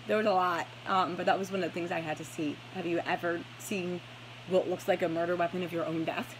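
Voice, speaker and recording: A woman telling her own story to the camera, halting, with many fillers and restarts and blunt swearing, while stressed and starting to get a headache. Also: fairly low pitch, fairly even intonation, a little hiss or hum, poor audio.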